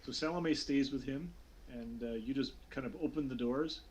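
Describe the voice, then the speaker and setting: A man's voice: medium pitch, normal speed, a little mellow, muffled recording, a little hiss or hum. A young man running a tabletop game as game master, talking with many fillers and restarts.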